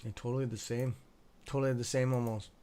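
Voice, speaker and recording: A young male host running a live market stream, swearing freely as he watches the charts. He jumps between hyped calls to his viewers and quiet muttering to himself, his voice at an ordinary mid pitch. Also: fast talker. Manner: excitable, profane, talks to viewers by nickname; mutters asides to himself under his breath. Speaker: stock trading livestream host. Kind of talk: live-streamed market commentary, reading chat.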